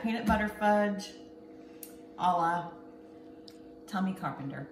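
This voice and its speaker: A woman's voice: fairly low pitch, measured pace. A woman hosting a casual cooking demo, chatty and a bit bossy as she gives step-by-step instructions in her home kitchen. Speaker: cooking show host. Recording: echoey kitchen with clear background noise.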